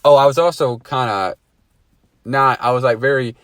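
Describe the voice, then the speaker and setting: A man's voice: mid-range voice, fairly even intonation, moderate pace, fairly bright tone, no room sound. A man telling a story to a friend in a casual chat, swearing freely and laughing at himself. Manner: swears a lot, laughs at his own story.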